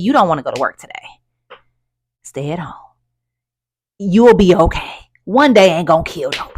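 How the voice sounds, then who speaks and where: A young woman coaching in a casual motivational talk, chatty and affectionate, calling the listener "baby" and swinging from soft, quiet stretches to loud, lively ones. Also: on the low side, dry recording, studio quality. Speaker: life coach.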